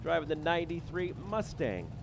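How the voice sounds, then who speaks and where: A man with a slightly raised voice calls a drag strip live, rattling off racers, hometowns and times. He mixes the numbers with jokes at his own expense. Loud race cars roar behind his voice. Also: a little high, big pitch swings, moderate pace, gravelly, noisy background. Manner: jokey, self-deprecating, rattles off names and times. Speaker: drag racing announcer.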